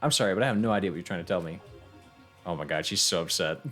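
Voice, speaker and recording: A man's voice: deep voice, rapid-fire, fairly bright tone, soft background music. A young man streaming a game, chatting casually with viewers, swearing and laughing as he reads the game text aloud. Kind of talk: casual let's-play commentary, reading game text aloud.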